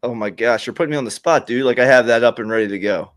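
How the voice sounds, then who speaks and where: Fast-talking joking podcast host. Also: male voice, mid-range voice, no echo, studio quality. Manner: joking, quick, repeats himself. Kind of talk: casual sports chat. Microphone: remote video call.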